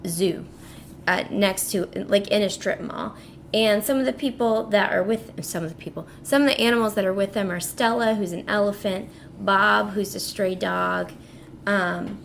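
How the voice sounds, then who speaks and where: Gravelly-voiced woman summarizing a book. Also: medium pitch, a little hiss or hum. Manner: relaxed summarizing with light laughs. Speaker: podcast co-host. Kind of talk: casual book podcast chat.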